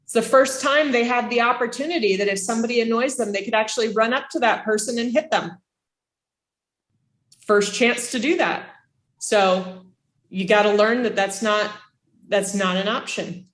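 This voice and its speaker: A woman instructor giving a casual classroom lecture, chatty and animated, asking her students questions. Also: a little high, moderate pace. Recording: echoey room.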